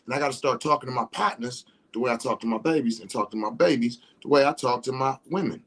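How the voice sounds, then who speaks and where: A man's voice: medium pitch, fast talker, a bit bright. Rambling man talking on a livestream. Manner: rambling, repeats "you know what I'm saying". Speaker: livestream host. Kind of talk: casual livestream monologue.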